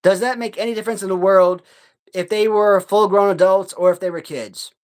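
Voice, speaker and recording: A man hosting a live stream in casual chat, swearing heavily as he rants in a heated, halting way full of restarts. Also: high voice, fairly even intonation. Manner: profane, heated ranting; halting, many restarts and fillers.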